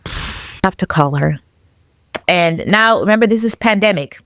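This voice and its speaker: A young adult woman telling her own story as a podcast guest, animated and acting out the voices of the people in it, laughing often. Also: mid-range voice, normal speed, no room sound, clean studio sound. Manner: animated, acts out quoted dialogue, laughs often. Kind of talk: personal storytelling.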